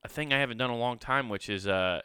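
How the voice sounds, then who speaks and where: A man's voice: medium pitch, quick pace, sharp tone, clear, resonant tone, no echo, clean studio sound. A man hosting a podcast, rambling enthusiastically in casual chat with lots of swearing. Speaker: podcast host.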